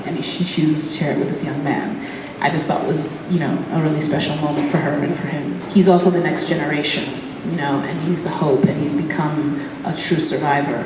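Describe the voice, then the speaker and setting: A woman on a convention panel, telling casual stories with lots of fillers and frequent laughter. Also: low-pitched. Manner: chatty, many fillers, laughs often. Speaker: actor on a fan convention panel. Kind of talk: casual anecdotal storytelling. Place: large indoor convention hall. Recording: echoey convention hall from far off, ambient noise.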